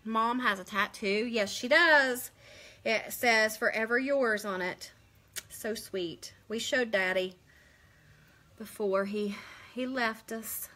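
A woman's voice: fairly high pitch, slow, pushed and bright. A woman, chatting casually on a live stream, rambling and answering viewers' comments. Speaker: beauty vlogger hosting a live stream.

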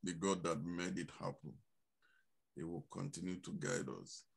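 A man's voice: low voice, fairly even intonation, moderate pace, creaky, breathy edge. A man pastor declaiming a prayer of blessing over a congregation.

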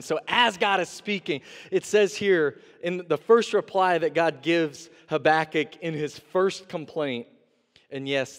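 Man preaching in a reverberant church. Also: on the high side. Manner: animated preaching, acts out voices of God and the prophet. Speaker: interim pastor. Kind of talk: sermon. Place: church sanctuary. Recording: long reverb of a church sanctuary.

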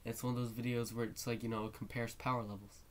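A man's voice: medium pitch, level tone, fast talker, a little hiss or hum. A man with a cold and a stuffy nose, rambling in a mock-serious, mournful way and swearing a lot in a casual vlog. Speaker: YouTuber.

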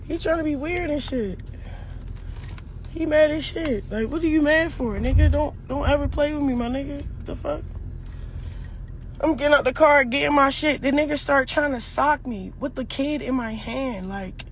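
A woman's voice: sits high, moderate pace, slight background noise. A young woman, upset and shaken, angrily ranting into her phone by a car, cursing and repeating herself. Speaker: mother filming a live phone video. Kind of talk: agitated phone video rant. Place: in and around a car, outdoors.

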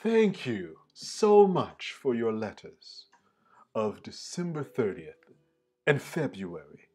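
A man voicing a polite woman reading out her formal letter, measured and formal. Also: mid-range voice, huge pitch swings, a little mellow, breathy edge, exaggerated voice. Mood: courteous.

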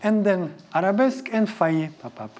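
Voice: medium pitch, lively intonation, a little fast, darkish tone. A ballet teacher leading a live class, counting and scatting rhythms in choppy English. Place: ballet studio. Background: piano music.

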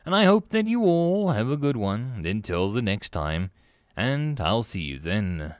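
Male audiobook narrator: expressive, lively pitch, dry booth sound. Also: unhurried, dry recording. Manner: expressive storytelling.

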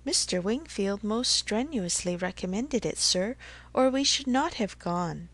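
A woman reading the part of a gentle young mother who speaks earnestly and reassuringly. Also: mid-range voice, animated, a little slow, no room sound. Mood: earnest warm. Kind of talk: audiobook character reading.

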